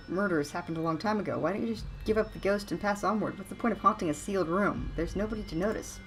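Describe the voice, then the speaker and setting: A woman's voice: on the low side, quick pace, a bit bright, husky, soft background music, rough recording. A woman giving casual, wry gameplay commentary with chatty, sarcastic asides. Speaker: let's play host.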